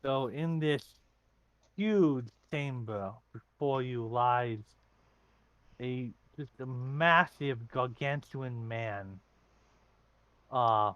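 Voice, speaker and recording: A man running a tabletop game, pausing and restarting as he lays out each scene. His mid-pitched voice sounds dry and close. The recording is muffled and lo-fi. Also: fairly bright tone, no room sound. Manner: halting, with fillers and restarts while describing scenes. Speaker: game master.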